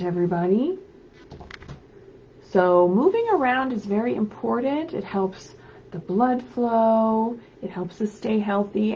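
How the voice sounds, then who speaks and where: Woman librarian for kids' story time, bright sing-song delivery, muffled lo-fi stream audio with faint hiss. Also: mid-range voice. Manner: animated, sing-song, prompts young listeners. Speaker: children's librarian. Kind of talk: story time reading to children.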